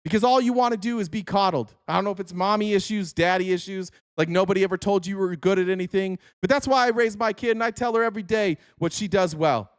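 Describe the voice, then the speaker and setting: High-voiced, blunt, profane man. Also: fast talker, few pauses, smooth, no room sound, clean studio sound. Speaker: political commentator. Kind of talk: opinion commentary monologue.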